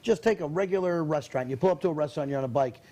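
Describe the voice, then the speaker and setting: A man hosting a casual interview show, chatting in an animated way. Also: fairly high pitch, rapid-fire. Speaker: host.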